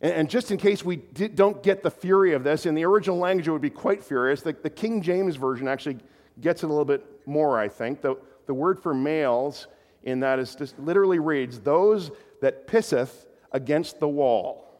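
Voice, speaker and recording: Conversational preacher in a reverberant hall. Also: male voice, a little high, a little fast, darkish tone. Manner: conversational, stumbling repetitions, chuckling asides. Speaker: pastor. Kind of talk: sermon.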